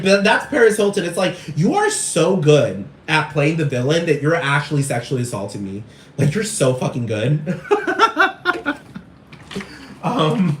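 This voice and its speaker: A man ranting in a rambling, repetitive and profane casual monologue. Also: on the high side. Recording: echoey room, far from mic, faint noise.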